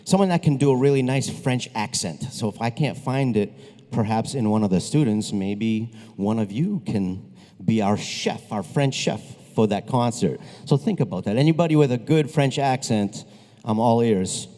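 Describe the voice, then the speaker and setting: A man's voice: medium pitch, normal speed, warm tone. A man leading a school concert, speaking to the audience between pieces in a chatty, upbeat way with restarts and asides. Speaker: school band director. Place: school auditorium. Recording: long reverb of a large hall.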